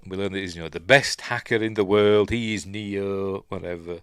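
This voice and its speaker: A low-voiced man with a Yorkshire accent talks through a film recap in a loose, rambling way, full of fillers, asides and self-deprecating grumbles. The recording is close and dry, with no room sound around him. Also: steady tone, moderate pace, clean tone, dry recording. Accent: Yorkshire English. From Yorkshire, England. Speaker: podcast host reviewing films. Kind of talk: casual movie recap and commentary.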